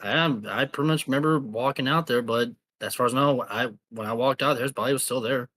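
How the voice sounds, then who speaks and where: Bright-voiced man playing evasive. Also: mid-range voice, fast. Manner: evasive, calmly denying in character. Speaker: player. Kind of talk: playing a tabletop game in character.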